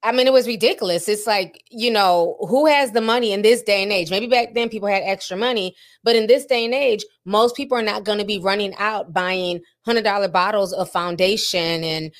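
A woman co-hosting a podcast, chatting casually with many fillers and reading a sponsor spot. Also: medium pitch. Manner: chatty, drawn-out filler-heavy talk. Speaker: podcast co-host.

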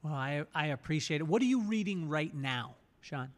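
A man hosting a podcast interview, telling stories in an animated way and acting out voices as he retells them. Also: on the high side, normal speed, big-room sound. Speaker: podcast host. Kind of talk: conversational interview.

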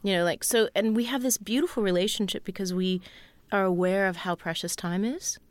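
A woman's voice: medium pitch, brisk, no echo. Emotional woman with dry close sound. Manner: emotional, rambling with restarts; now and then sounds a bit British. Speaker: podcast guest. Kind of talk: casual chat.

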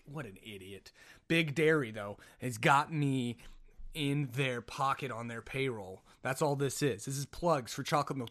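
A man's voice: mid-range voice, moderate pace, a bit bright. A man hosting a casual solo podcast, telling a rambling story full of jokes and self-mocking asides. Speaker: podcast host.

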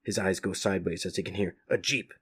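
A man's voice: low voice, fairly even intonation, fast talker, a bit bright, breathy edge. A man casually reading a comic aloud, describing the panels with fillers. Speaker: comic reader.

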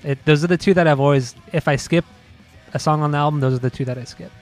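A man's voice: fairly high pitch, quick pace, darkish tone, faint music behind. A man co-hosting a podcast, chatting casually about albums, laughing easily and swearing now and then. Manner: laid-back, laughs often, swears casually. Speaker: podcast co-host. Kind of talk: casual chat.

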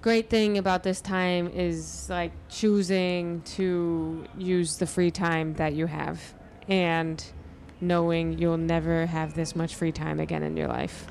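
A woman's voice: fairly low pitch, flat delivery, slow pace, creaky, darkish tone, a little hiss or hum. A young woman in casual conversation, agreeing often and chiming in supportively. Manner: supportive, frequent short agreements. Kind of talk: casual chat.

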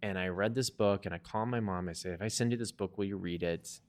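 A man in his thirties tells a personal story on a podcast, chatty and animated as he acts out the dialogue. His voice sits very low. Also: fast talker. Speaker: podcast co-host.

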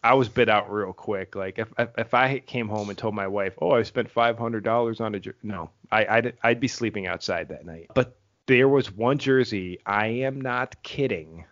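A man hosting a podcast in casual chat, rambling quickly and laughing often. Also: lowish voice, a bit bright. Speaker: podcast host. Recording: dull lo-fi audio.

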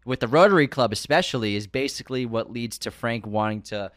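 A man's voice: medium pitch, fairly quick, fairly bright tone, dry recording, clean studio sound. A man casually discussing a film as a podcast co-host, enthusiastic as he lists and praises.

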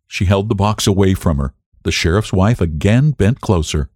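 A man narrating a short story as an audiobook in a measured, expressive way. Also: low voice, slightly rough, dry recording, clean studio sound.

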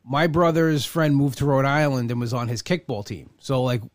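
A man's voice: mid-range voice, moderate pace, dry recording, clean studio sound. A man hosting a casual conversation, telling rambling, self-deprecating stories.

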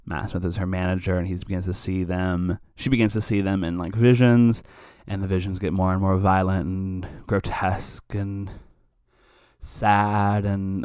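A man's voice: fairly low pitch, fairly even intonation, normal speed, darkish tone, clean tone, no echo, clean studio sound. A man giving a casual, rambling film review for a podcast. He curses often and keeps cutting himself off mid-sentence. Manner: rambling, profane, self-interrupting.

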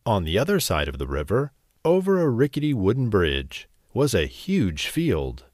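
A man narrating a bedtime story in a slow, expressive, gentle way. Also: lowish voice, no echo, studio quality.

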